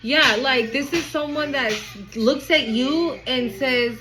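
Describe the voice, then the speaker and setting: A woman's voice: sits high, slow, hardly any pauses, loud music behind the voice, rough recording. A woman giving a casual, emphatic tarot reading, chatting freely and swearing as she passes on messages. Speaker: tarot reader.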